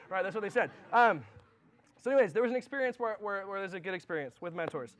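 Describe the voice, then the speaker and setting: A young man preaching to a youth group, talking fast. His voice sits high and his storytelling is animated and full of fillers. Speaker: youth pastor. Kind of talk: sermon with personal stories.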